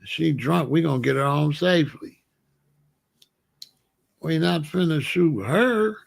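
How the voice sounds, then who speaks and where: A man's voice: a little high, slow, creaky. A man giving casual, slangy commentary, often acting out the people he talks about. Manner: animated, slangy, acts out quoted voices.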